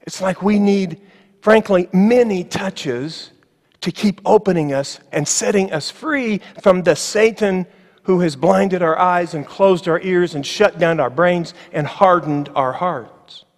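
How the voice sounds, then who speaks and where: A man preaching a sermon as pastor, emphatic, slowing on key phrases, with ironic asides. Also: high-pitched. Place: church sanctuary. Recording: long church reverb.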